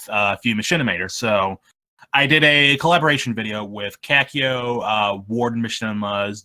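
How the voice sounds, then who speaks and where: Bright-voiced rambling young man. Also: lowish voice. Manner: rambling and halting, trailing off mid-sentence. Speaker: machinima creator, interview guest. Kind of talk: casual interview chat.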